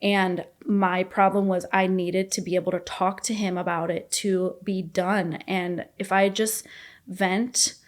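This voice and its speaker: A woman's voice: medium pitch, level tone, unhurried. A woman in her thirties, a podcast guest telling her own story candidly, rambling and filling her speech with "like".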